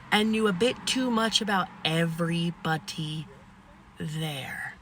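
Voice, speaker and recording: A woman telling a funny story in an animated, crude, playful way. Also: on the low side, moderate pace, a little hiss or hum. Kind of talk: casual comedic storytelling.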